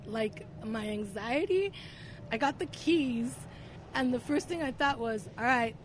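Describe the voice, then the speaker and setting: A woman guest telling a personal story in casual conversation, full of "like" and restarts, getting louder and quicker as she gets excited. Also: high-pitched, slight background noise. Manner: filler-heavy, talks with 'like', gets louder and faster when excited. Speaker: podcast guest.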